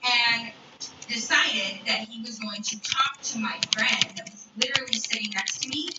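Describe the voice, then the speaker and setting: A woman's voice: a little high, normal speed, heavy background noise. Young woman streamer telling a story, cussing a lot, echoey room, mic kinda far, video playing in the background. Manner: blunt, profane, animated, drops to whispers. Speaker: live streamer. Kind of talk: storytime monologue. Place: home room. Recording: roomy distant mic with video audio behind. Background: a video playing in another room.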